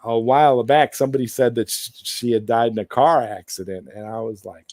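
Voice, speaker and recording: A man's voice: mid-range voice, fairly even intonation, brisk, darkish tone, no echo. A man hosting a casual live stream, rambling through his points with many restarts and greeting viewers in the chat.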